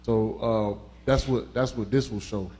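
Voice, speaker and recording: A congregation member, a man, explaining something in halting, hesitant speech. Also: mid-range voice, fairly even intonation, a little mellow.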